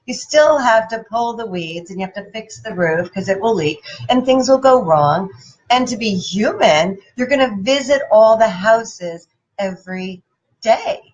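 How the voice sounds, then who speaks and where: A woman giving a playful, animated motivational talk and putting questions to her audience. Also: medium pitch, lo-fi sound. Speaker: motivational speaker.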